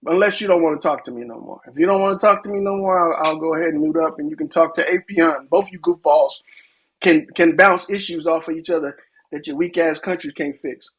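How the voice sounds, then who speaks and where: A man's voice: fairly high pitch, a little fast, a bit bright, breathy edge. An American man trash-talking and taunting others in a heated casual argument. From United States. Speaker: host.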